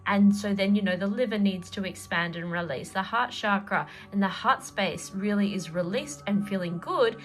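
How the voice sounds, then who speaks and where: A woman's voice: medium pitch, moderate pace, few pauses, soft background music. A middle-aged woman, a tarot reader and energy healer, talking casually and rambling with lots of fillers. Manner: chatty, rambling, with many fillers and laughs. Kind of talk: casual spoken tarot reading.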